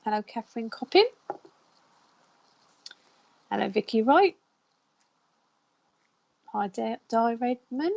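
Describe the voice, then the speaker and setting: A woman's voice: on the high side, lively intonation, takes it slowly, gravelly, pauses often, muffled recording. A woman hosting a live psychic counselling stream, chatting and greeting her viewers by name. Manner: chatty, warm greetings, reads out viewer names.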